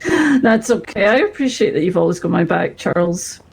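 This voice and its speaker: A woman's voice: fairly low pitch, lively intonation, normal speed, vocal fry, poor audio. A woman role-playing in a video game, playful and giggly.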